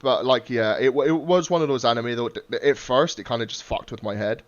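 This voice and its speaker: Male podcast host, animated chat, swears a lot, mid-pitched voice, slightly muffled lo-fi audio. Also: fairly quick. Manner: animated, swears freely, acts out quotes. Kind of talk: casual chat.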